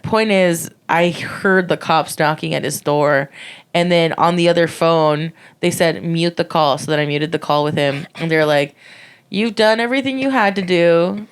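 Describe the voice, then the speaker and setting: A woman in her twenties co-hosting a podcast, telling a story casually, swearing freely and acting out quotes in a high voice. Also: fairly even intonation, normal speed, smooth. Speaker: podcast co-host.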